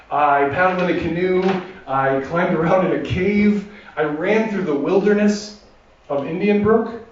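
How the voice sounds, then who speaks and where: A man tells comic stories about himself on a theater stage, chatty and self-deprecating, with a slightly high voice. The sound is distant and echoey, picked up from across a big room on a dull, muffled recording. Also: a little hiss or hum. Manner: self-deprecating, chatty, with restarts and quick asides. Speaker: comedian performing a solo show. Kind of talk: stand-up storytelling. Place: theater stage before a laughing audience.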